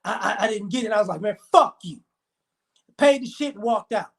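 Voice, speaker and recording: This man's voice sits high and creaky. Talking to camera, he retells a story in a fast, heated rant full of profanity, voicing the dialogue of everyone involved.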